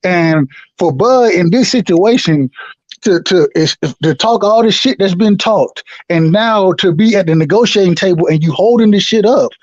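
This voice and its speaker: A man co-hosting a casual boxing debate, talking in an animated, emphatic, slangy way. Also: sits high, moderate pace, dry recording, highs cut off. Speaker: podcast co-host.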